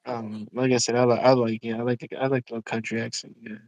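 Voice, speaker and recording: A man's voice: medium pitch, little pitch movement, brisk, a little mellow, no echo, lo-fi sound. Man in his own voice livestream co-host, rambling casual chat, dry close sound. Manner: rambling, filler-heavy, "you know what I'm saying".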